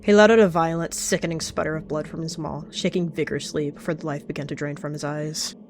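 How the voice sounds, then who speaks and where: A woman's voice: sits low, fairly even intonation, fast, a little hiss or hum. A woman giving dramatic, vivid storytelling narration of a game roleplay. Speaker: channel host narrating a roleplay.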